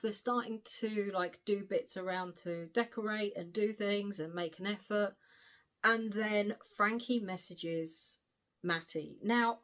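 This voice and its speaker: Chatty woman reviewing a book. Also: medium pitch. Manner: chatty, recounting the plot with frequent asides. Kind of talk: casual spoken book review.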